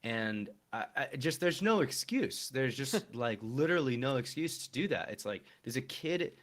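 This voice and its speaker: Male podcast co-host, animated and exasperated, casual critic. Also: medium pitch, moderate pace. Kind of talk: casual chat about a video game.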